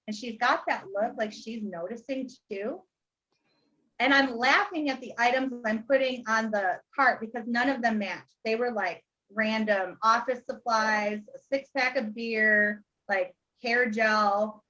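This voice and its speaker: A woman's voice: on the high side, moderate pace, sharp tone, muffled recording. A woman co-hosting a casual talk over a video call, telling a testimony with laughter and playful energy. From Ohio. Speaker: co-host sharing a testimony. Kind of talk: casual storytelling chat.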